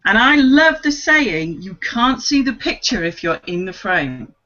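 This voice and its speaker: A woman in a casual group video chat, animated and laughing often as she acts out her own thoughts. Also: medium pitch, a little slow. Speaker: co-host. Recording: dull lo-fi video call audio.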